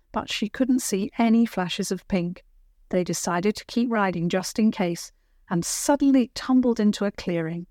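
A woman narrating a children's storybook in a gentle, clear read-aloud manner. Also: medium pitch, dry recording, studio quality.

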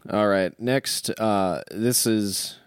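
A man with a low-pitched voice reads out questions from viewers and drops in short comments. The sound is dry and close, as on a studio talk show. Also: very slow, clear, resonant tone, no echo. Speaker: co-host reading viewer questions. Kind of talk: casual show chat.

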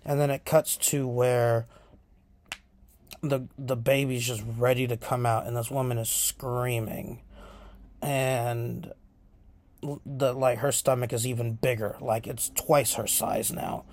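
A man hosting a podcast, casually retelling horror film scenes in a profane, animated way. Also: mid-range voice, takes it slowly. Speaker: podcast host.

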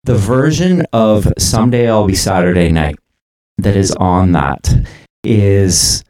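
A man's voice: fairly low pitch, a little mellow, echoey room, low-quality recording. A man hosting a casual music chat, eagerly agreeing and chiming in often. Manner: eager, agreeable, quick to chime in.

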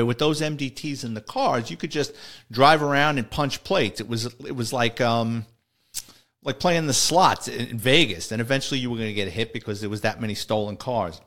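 A middle-aged man spins stories from his police days. His pitch sits in the middle of the male range. He rambles, restarts his sentences and chuckles as he goes. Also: fairly bright tone. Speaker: retired police officer. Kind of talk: casual storytelling.

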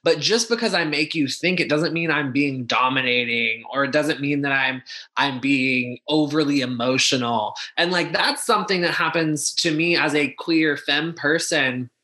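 Bright-voiced, impassioned man talking fast. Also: a little high. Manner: impassioned, fast-talking with frequent restarts and fillers. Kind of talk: casual discussion.

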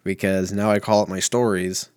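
A man's voice: sits low, little pitch movement, normal speed, a little mellow, no room sound, clean studio sound. A man in his thirties hosting a casual solo podcast from home, rambling and swearing with a self-mocking manner. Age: 30s. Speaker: podcast host.

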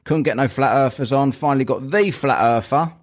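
A man's voice: medium pitch, a little fast. Rambling, jokey man hosting a podcast. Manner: rambling and jokey, with frequent fillers. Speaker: podcast host. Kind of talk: casual podcast chat.

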